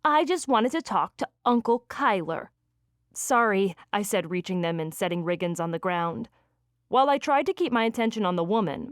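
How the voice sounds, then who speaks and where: A woman reading a first-person romance audiobook with lively, expressive delivery on a close studio mic. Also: mid-range voice, no echo. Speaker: audiobook narrator.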